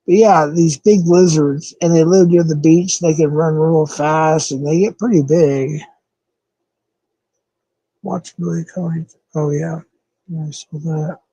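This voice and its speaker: Speaking unhurriedly with fairly even intonation, a southwestern US man has a slightly high, warm voice with a breathy edge. The recording is dry and dull as he hosts a casual live stream, rambling and thinking aloud with fillers and self-corrections while chatting with viewers.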